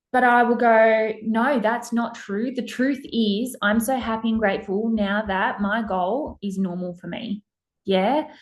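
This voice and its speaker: A woman hosting a podcast in a casual, emphatic monologue, blunt and swearing freely. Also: a little high. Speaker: podcast host.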